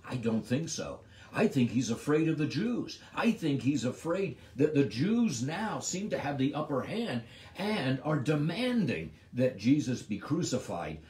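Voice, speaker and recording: A middle-aged man gives a devotional Bible teaching in a low voice with a lively, animated melody. He swings between emphatic lines and hushed ones. The recording is roomy, with a noticeable echo. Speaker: pastor.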